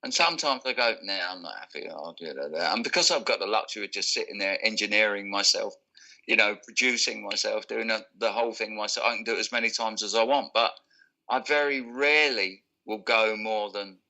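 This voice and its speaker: Male musician guest, bright tone, casual anecdotal storyteller, self-deprecating. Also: on the low side, fairly quick.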